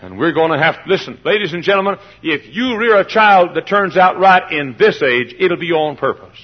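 Impassioned husky preacher man, lo-fi. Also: fairly high pitch, animated, moderate pace. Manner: impassioned, swings from hushed to shouting. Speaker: pastor. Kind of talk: fiery sermon. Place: church. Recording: dull lo-fi old sermon recording.

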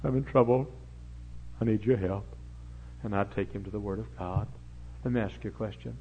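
A middle-aged man, preaching a folksy sermon full of rambling anecdotes and sudden loud emphatic bursts. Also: fairly low pitch, level tone, moderate pace, pauses often. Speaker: pastor. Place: church service before a congregation. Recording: dull lo-fi recording with faint hum.

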